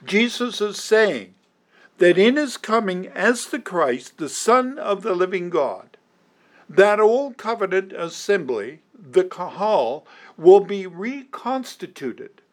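A pastor preaching a sermon to his congregation, deliberate and emphatic, with the odd dry aside. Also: high voice, big pitch swings.

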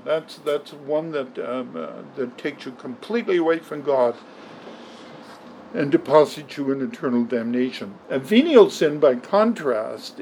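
A man's voice: fairly high pitch, a little mellow, a little hiss or hum, rough recording. A man preaching a sermon in an emphatic way, often repeating words for stress. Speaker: pastor.

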